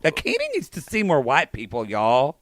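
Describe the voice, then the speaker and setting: Brief: male podcast co-host, raunchy recap banter, lively sweeping delivery. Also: mid-range voice, normal speed, no room sound, clean studio sound. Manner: bawdy, animated, jokey. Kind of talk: casual reality-TV recap chat.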